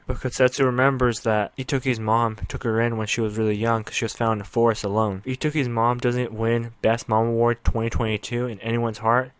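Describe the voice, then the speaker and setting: A man's voice: medium pitch, fairly even intonation, no room sound. A young man giving a casual anime episode recap in a blunt, profane way. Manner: blunt and profane, quick-talking. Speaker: anime reviewer.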